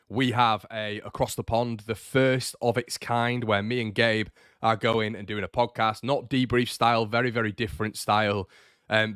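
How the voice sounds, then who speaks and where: A young man hosting a casual morning football fan show, chatty and energetic, repeating words for emphasis while answering viewer comments. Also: fairly low pitch, dry recording, studio quality. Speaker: football fan channel host.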